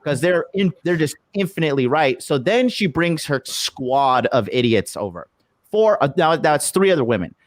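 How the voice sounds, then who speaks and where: A man ranting through a travel story on a podcast, swearing freely and jumping into voices for the people he argued with. The sound is dry and close, with no room around him. He is loose and heated, and the story never slows down. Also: fairly high pitch, dry recording. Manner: profane, animated retelling with acted quotes. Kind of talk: casual storytelling. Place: lives abroad in Japan.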